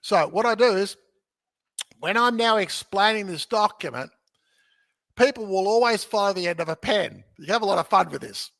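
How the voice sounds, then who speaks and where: A man talking as a podcast guest who teaches real estate, energetic and jokey, often checking in with "okay?" as he explains. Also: high-pitched, moderate pace, creaky, no room sound. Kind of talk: animated teaching in conversation.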